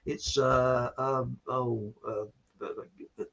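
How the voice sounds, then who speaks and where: A man's voice: medium pitch, fairly even intonation, drawn-out words, vocal fry, a bit bright, dull audio. A man from Hertfordshire with an estuary English accent, hosting a casual chat show and rambling cheerfully. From Hertfordshire, England. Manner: chatty, rambling, laughing often. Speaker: host.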